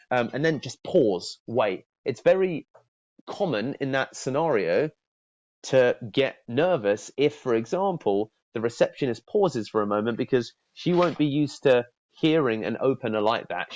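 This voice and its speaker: A man giving a casual sales training talk, stumbling over repeated words and acting out breezy phone lines. His voice sits at a middle pitch. It is recorded dry and a little dull, like a lo-fi room mic. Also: lively intonation, normal speed, darkish tone, dry recording. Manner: repeats words, acts out friendly phone openers in a lifted voice.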